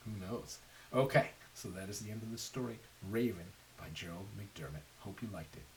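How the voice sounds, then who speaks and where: Brisk and on the low side, a man's voice brings a picture book to life for children, stopping to ask the listeners questions. Faint hiss runs through the recording, and he's slightly distant from the mic.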